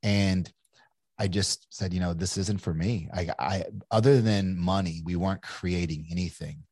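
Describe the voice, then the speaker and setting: Guest entrepreneur in his forties, low husky voice, loose and candid, lots of restarts. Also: moderate pace, a little mellow, dry recording. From Kentucky, USA. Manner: candid, rambling, frequent restarts. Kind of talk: casual interview storytelling.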